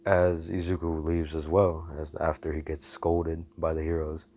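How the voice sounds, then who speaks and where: Deep-voiced man rambling through a story. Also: little pitch movement, normal speed, mellow. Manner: rambling, slangy, profane. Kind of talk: casual storytelling.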